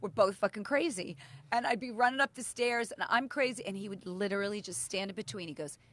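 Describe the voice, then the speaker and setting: A woman's voice: mid-range voice, fairly quick, fairly bright tone. A middle-aged woman, co-hosting a casual podcast chat and telling stories, acting out quotes and swearing freely. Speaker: podcast co-host.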